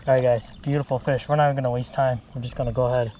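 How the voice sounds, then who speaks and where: A young man filming his fishing trip on a creek, talking casually and excitedly, repeating his exclamations and calling his friends bro and dude. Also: medium pitch, rapid-fire. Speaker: fishing vlogger. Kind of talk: casual outdoor fishing commentary. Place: outdoors on a creek. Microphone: action camera. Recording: outdoor camera audio with loud water noise.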